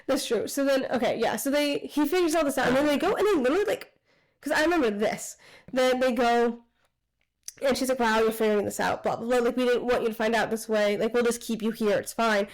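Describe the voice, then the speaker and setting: Female podcast co-host, higher register, lively casual recap with acted-out quotes. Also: fast talker, poor audio. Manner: animated retelling with quoted voices, swearing. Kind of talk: casual book discussion.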